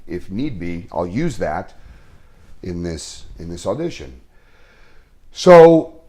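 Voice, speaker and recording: Guy actor rambling thru a story in an interview, kinda low voice, lots of restarts. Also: a little mellow. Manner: earnest, halting, many restarts.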